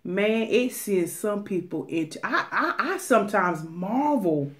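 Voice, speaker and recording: A woman from Atlanta, chatting casually to her viewers in a mukbang vlog, animated and talkative, sometimes dropping to a whisper. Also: mid-range voice, unhurried, few pauses. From Atlanta, USA. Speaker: mukbang vlogger.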